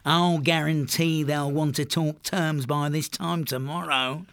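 A man's voice: fairly high pitch, steady tone, measured pace, a bit bright, smooth, pitched above the performer's own voice. A man voicing a cunning, boastful male pirate rat captain who drawls in sailor's slang. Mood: scheming.

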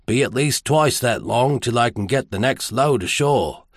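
A man voicing a weathered older navy coxswain with a Chisholmian accent, speaking low and quietly in a folksy drawl. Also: expressive, normal speed, no echo, studio quality, close to an everyday voice. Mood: wry.

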